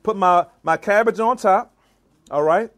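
Man, Maryland accent, high-pitched, playful chef, live cooking demo, call-and-response with audience. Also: measured pace, fairly bright tone. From Washington DC / Maryland area, US. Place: church hall, in front of a live audience.

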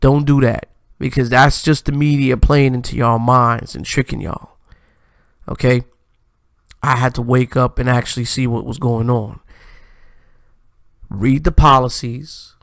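This is a man hosting a commentary stream, and his voice has a gravelly, fry-laden edge. He speaks in a preachy, emphatic way, as if lecturing his audience. The sound is dry and close, with no room echo. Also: mid-range voice, fairly even intonation, a little slow, long pauses. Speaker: live-stream host. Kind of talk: commentary vlog.

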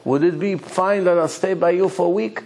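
Man doing earnest, calm rabbi; gravelly. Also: sits high, moderate pace, slight background noise. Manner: earnest, reasoning aloud. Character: wise medieval rabbi, a calm, doubting man.

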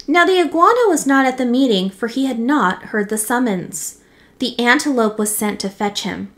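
A woman teacher reads a storybook to her young students in a somewhat high voice. She is lively and expressive, giving each animal its own voice. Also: moderate pace. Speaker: teacher reading aloud. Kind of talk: storybook read-aloud for children.

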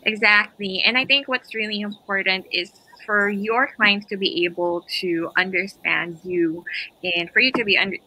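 Bright-voiced Filipino woman hosting. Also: mid-range voice, steady tone, normal speed, a little hiss or hum, rough recording. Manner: encouraging, chatty, laughs between phrases. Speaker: host. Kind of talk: casual chat on a live stream.

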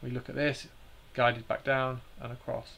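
A man's voice: mid-range voice, level tone, normal speed, creaky, a bit bright, slight background noise. A man hosting a live stream, explaining slides in a hesitant way with many fillers and restarts.

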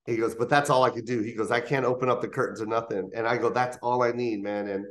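A man's voice: mid-range voice, quick pace. A comedian in his fifties telling stories in an interview, acting out other people's voices along the way. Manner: animated, acts out voices in anecdotes. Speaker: comedian guest. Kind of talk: interview storytelling. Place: interview studio.

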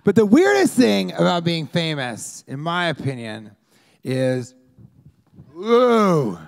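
A man from Colorado does a rambling stand-up set on a club stage, shouting bits of crowd work and acting out fans yelling at him. His voice is a little high, sing-song, somewhat slow, and creaky.

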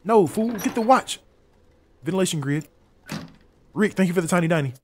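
High-voiced exasperated male streamer. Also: animated, a little fast, slight background noise. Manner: exasperated, profane, repeats himself. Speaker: gaming streamer. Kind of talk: live gameplay commentary.

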